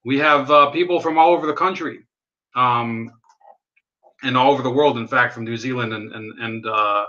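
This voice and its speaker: This livestream host offers casual political commentary, meandering and sarcastic, swearing and reading chat aloud. He talks at a normal speed in a medium pitch, his tone pushed and bright, with the high frequencies cut off.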